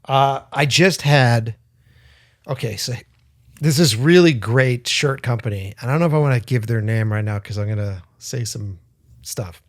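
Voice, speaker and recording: Recorded in studio quality with no echo, a man co-hosting a podcast talks at normal speed in a medium pitch. It's casual chat, with rambling stories and an occasional swear word.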